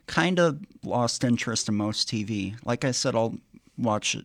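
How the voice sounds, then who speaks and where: A man's voice: mid-range voice, lively intonation, fairly bright tone, no echo, clean studio sound. A man co-hosting a radio show, chatting casually and hesitantly with restarts. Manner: hesitant, many restarts and pauses. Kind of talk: casual chat. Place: radio studio.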